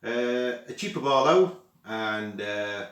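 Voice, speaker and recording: A man's voice: medium pitch, animated, slow, a bit bright. A British man giving a casual, chatty product review with exasperated asides to his viewers. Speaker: astronomy gear reviewer. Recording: echoey room.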